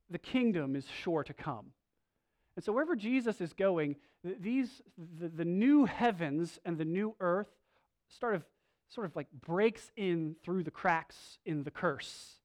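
A man preaching a sermon in a casual, conversational way, with filler words and restarts, and sudden swings between loud and soft. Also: a little high.

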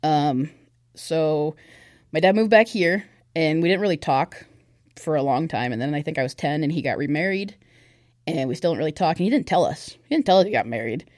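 A young woman shares a personal testimony as a guest on a podcast, talking candidly and casually with plenty of filler words. Her voice is low and somewhat dark, her pace fairly quick, and the clean studio recording has no room sound.

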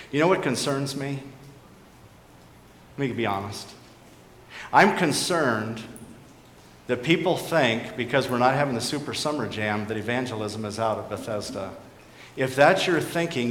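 Pastor preaching in an echoey church hall. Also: male voice, medium pitch. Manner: earnest, questioning, drops to a quiet emphasis. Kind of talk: sermon. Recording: echoey hall with faint background noise.

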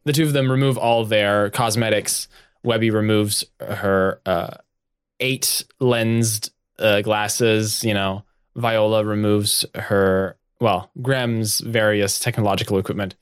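Male game master, mid-pitched, narrating scenes, dry close sound. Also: fairly even intonation, takes it slowly, clear, resonant tone, dry recording. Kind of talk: narrating a tabletop role-play.

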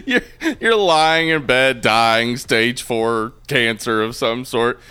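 A man's voice: mid-range voice, takes it slowly, sharp tone, clear, resonant tone. A man co-hosting a casual movie podcast, joking and laughing as he riffs. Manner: laughing, joking, puts on voices for quips. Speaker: podcast co-host.

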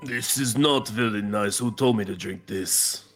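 A man's voice: lowish voice, a little slow, fairly bright tone, soft background music. Playful man playing a tabletop game. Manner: playful, laughs along, speaks in character. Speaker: player.

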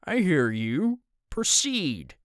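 A man voicing a cold, menacing male ship captain who speaks slowly. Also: lively intonation, fairly bright tone, dry recording, studio quality. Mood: clipped, formal. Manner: slow, low and drawling.

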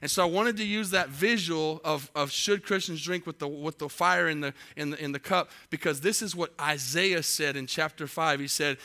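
A man's voice: on the high side, normal speed, few pauses, bright, forceful tone. A middle-aged male pastor preaching a sermon, asking the congregation rhetorical questions and building in intensity.

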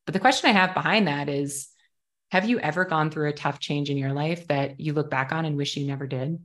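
Low-voiced chatty woman. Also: fairly quick, a bit bright. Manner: enthusiastic, talkative, frequent "like". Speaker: guest, educator and coach. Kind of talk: casual interview chat.

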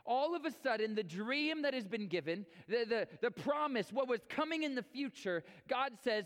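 A man preaching a sermon as pastor, reading scripture and then speaking with energetic repeats and stumbles. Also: very high-pitched, normal speed, hardly any pauses, long reverb tail. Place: church sanctuary.

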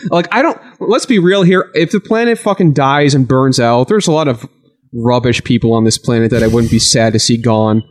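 A man's voice: mid-range voice, moderate pace. A man hosting a podcast with his friends, chatting loosely and swearing freely. He laughs easily and jumps from one joke to the next. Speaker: podcast host. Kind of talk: casual chat.

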